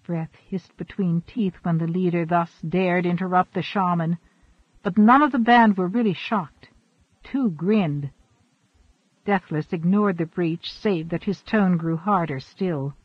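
A man narrating an audiobook in a steady, expressive storytelling manner. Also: high voice, a little slow, no room sound. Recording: dull, dry recording.

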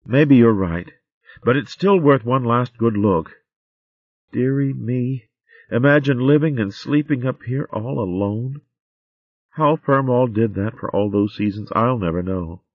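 A man voicing a kind, anxious young hedgehog maid in a storybook, earnest and gently fretful. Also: mid-range voice, measured pace, dry recording, dull audio, voice pushed up.

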